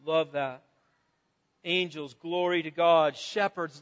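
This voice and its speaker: A man preaching an earnest sermon, often repeating his words and rising to loud cries. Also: high voice, measured pace. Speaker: pastor. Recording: dull sound with long reverb.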